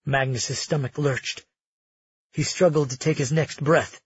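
A man narrating a fantasy audiobook in a steady, measured way. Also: medium pitch, breathy edge, no room sound, lo-fi sound.

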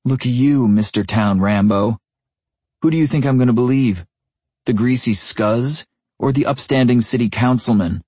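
A man's voice: on the low side, animated, a little fast, darkish tone, breathy edge, no echo, pitched above the performer's own voice. A man voicing a smug police officer who talks down to a suspect. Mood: smug, sneering. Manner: sneering, condescending.

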